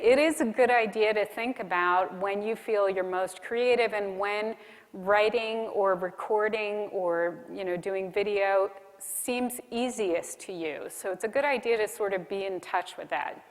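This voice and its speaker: A woman giving a friendly, practical conference keynote talk. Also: medium pitch. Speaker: keynote speaker. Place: conference hall. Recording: reverberant hall.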